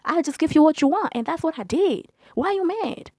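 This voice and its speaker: Young woman vlogger, kinda high voice, cussing a lot while telling her story, super animated. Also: a little fast, no room sound. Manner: blunt, profane, animated. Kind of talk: casual storytelling.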